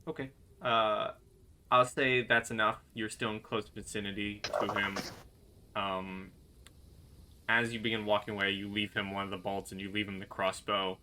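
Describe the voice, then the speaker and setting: A man with a bright, forceful voice narrates as game master for a tabletop game. He hesitates often, with fillers and restarts. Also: on the low side, level tone, normal speed. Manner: hesitant, many ums and restarts. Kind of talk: running a tabletop game and voicing a villager.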